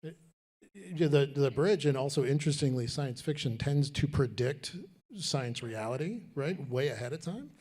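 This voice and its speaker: A man speaking on a college panel, animated, often repeating words as he starts a thought. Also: medium pitch, normal speed. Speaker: panelist and moderator. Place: lecture room.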